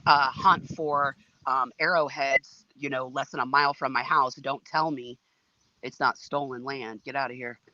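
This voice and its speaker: A man's voice: mid-range voice, steady tone, normal speed, sharp tone, dry recording, lo-fi sound. A man co-hosting a livestream, speaking bluntly and emphatically in casual chat. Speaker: co-host.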